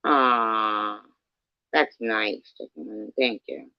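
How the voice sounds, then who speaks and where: Slow-talking joking woman, lo-fi. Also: very deep voice, clean tone, dry recording. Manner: joking, laughs often, swears casually. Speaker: streamer chatting with viewers. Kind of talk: casual live chat.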